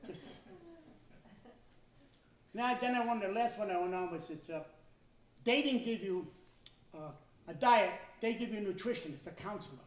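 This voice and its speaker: A man in his sixties doing a stand-up comedy routine, talking loudly with stammering restarts and shouted punchlines. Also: high-pitched, normal speed, long pauses. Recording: echoey room, voice from some distance.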